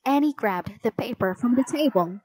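A woman narrating a children's storybook in a slow, clear reading voice. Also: on the high side, animated, darkish tone, no room sound, rough recording.

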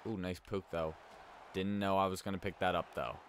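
A man's voice: low voice, fairly even intonation, fairly quick. A young man giving laid-back, yawning commentary while playing a hockey video game, reacting aloud to each play. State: sleepy, yawning. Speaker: let's play gamer. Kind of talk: casual gameplay commentary.

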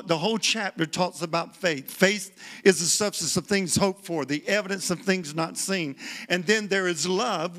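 A man's voice: high-pitched, a bit bright. A man preaching a sermon as a guest speaker in a church, repeating himself for emphasis and calling out to the congregation for responses. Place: church sanctuary.

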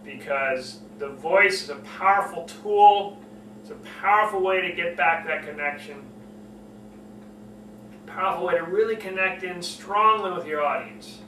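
High-voiced man coaching on public speaking. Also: pushed and bright, echoey room, far from the mic, slight background noise, poor audio. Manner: earnest, repetitive, demonstrates lowering and slowing his voice. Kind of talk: spoken lesson to camera.

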